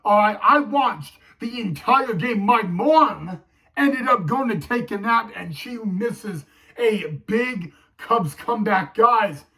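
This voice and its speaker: A man's voice: high-pitched, lively intonation, takes it slowly, pushed and bright, low-quality recording. A man recapping a game for his fan vlog, emotional and teary, repeatedly calling his viewers "guys.". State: teary, choked up. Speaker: sports fan vlogger.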